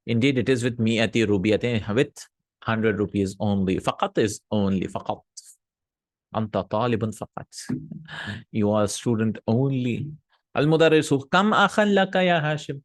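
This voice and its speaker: A man teaching a recorded Arabic grammar lesson, reading example sentences aloud, translating them, and checking in with quick "hmm?" and "no?" asides. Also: fairly low pitch, darkish tone, no echo. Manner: explanatory, checks in with frequent "hmm?" and "no?".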